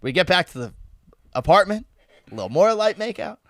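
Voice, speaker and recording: A man tells a comic story on a live podcast, his voice sitting a little high and swinging up and down. He talks in an animated way, laughs between lines and swears freely. The sound is dry and close, with no room echo. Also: a little fast. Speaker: podcast host.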